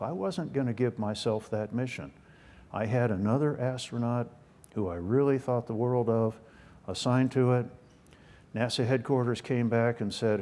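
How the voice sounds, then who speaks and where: A man's voice: medium pitch, mellow. Older man telling folksy stories. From United States. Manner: folksy, self-deprecating humor. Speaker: guest speaker. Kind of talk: storytelling talk.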